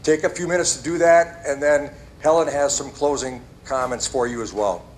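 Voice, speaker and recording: A man acting as facilitator, calmly giving instructions to an audience at a community event. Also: mid-range voice, normal speed, slight background noise. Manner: calm and instructive. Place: community center hall.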